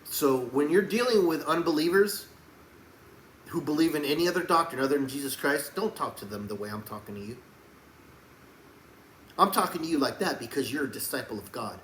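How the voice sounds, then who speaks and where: A man preaches with a fairly high, lively voice that leaps between hushed pleading and fiery shouting. His sermon rings around an echoey room with a faint hum of noise behind him. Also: fairly quick, long pauses.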